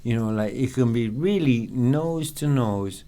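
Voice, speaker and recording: A man's voice: mid-range voice, expressive, measured pace, dark tone. An English man with an English accent in casual podcast chat, rambling with many fillers and frequent swearing. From England. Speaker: podcast guest.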